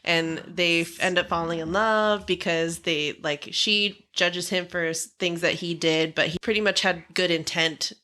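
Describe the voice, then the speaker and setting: A woman's voice: on the low side, fairly even intonation, a little slow, few pauses, pushed and bright. A woman around thirty co-hosting a podcast, chatting casually about books, rambling with fillers and frequent laughs. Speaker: podcast co-host.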